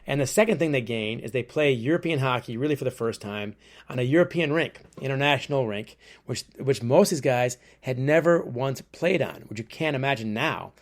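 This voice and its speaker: A man, an author interviewed as a guest, telling stories in a lively way and acting out quotes. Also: medium pitch, brisk. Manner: lively storyteller who acts out quotes. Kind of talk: storytelling interview.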